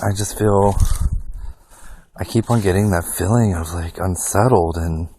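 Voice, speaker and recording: A man giving a psychic's impressions in a slow, halting way, searching for words, recorded outdoors in a wooded cemetery on a field recorder. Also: deep voice, warm tone, husky.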